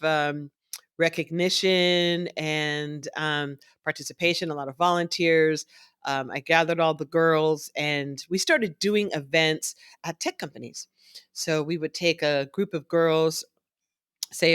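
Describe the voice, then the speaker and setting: Animated woman telling stories, dry sound. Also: low voice, clean tone, dry recording. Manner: animated storyteller who acts out others' voices. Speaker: guest, nonprofit founder. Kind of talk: conversational interview storytelling.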